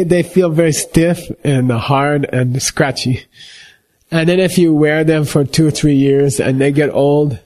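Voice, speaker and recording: A middle-aged man teaching a meditation class, explaining with simple everyday examples and often checking in with a quick "okay?". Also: a little high, a little mellow. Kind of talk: slow explanatory teaching talk.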